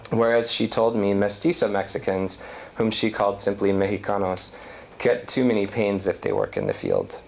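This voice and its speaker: A man giving an academic lecture, reading a prepared talk at a measured pace. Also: fairly low pitch, lively intonation, gravelly, a little hiss or hum. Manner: reads prepared text, measured.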